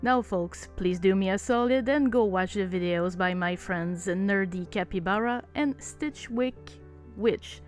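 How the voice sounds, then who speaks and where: A woman's voice: medium pitch, steady tone, a little slow, few pauses. A woman with a French Canadian accent narrating her doll-making video in a chatty, sincere, self-deprecating way. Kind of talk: voice-over narration of a craft video. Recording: voice-over with faint background music.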